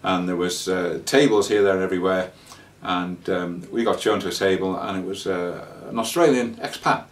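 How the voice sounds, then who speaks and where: Rambling man, slightly distant mic. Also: low-pitched. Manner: rambling, halting with many fillers and restarts. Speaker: traveller sharing scam warnings. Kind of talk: casual spoken anecdote.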